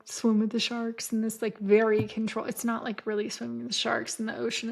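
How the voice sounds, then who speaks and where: A woman in her forties from San Diego, a podcast host telling a story in a rambling, profane way. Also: on the high side. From San Diego, California. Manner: profane, rambling, frequent "like" fillers. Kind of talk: casual storytelling.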